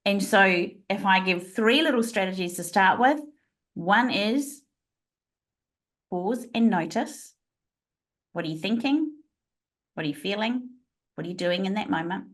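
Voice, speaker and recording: Expressive woman guest with frequent laughs. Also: mid-range voice, a little slow, long pauses. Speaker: guest, leadership trainer. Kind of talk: podcast interview.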